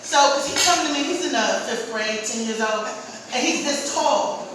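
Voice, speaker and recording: A woman in her forties works a comedy set with a high, bright voice. She tells her stories in animated bursts and leaps into loud, high character voices. She is picked up from a distance in a roomy, echoing club with noise all around. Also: moderate pace. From Maryland, US. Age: 40s. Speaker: stand-up comedian. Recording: echoey club from a distant mic, crowd noise.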